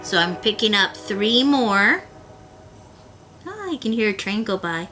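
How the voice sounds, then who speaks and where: Bright-voiced woman teaching beadwork. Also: mid-range voice, big pitch swings, measured pace. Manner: patient, talks the viewer through each step. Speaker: beading instructor. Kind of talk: step-by-step craft tutorial.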